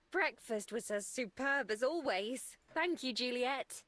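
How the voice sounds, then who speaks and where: An actress voicing a composed, wry adult woman in a story game, dry and measured. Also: high voice, a bit bright, no room sound, heavily acted. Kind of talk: game voice acting.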